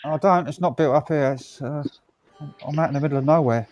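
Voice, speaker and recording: A man's voice: fairly high pitch, brisk, a little mellow, dry recording, lo-fi sound, soft background music. A man chatting casually on a group stream in a matter-of-fact, easygoing way. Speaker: stream participant. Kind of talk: casual chat.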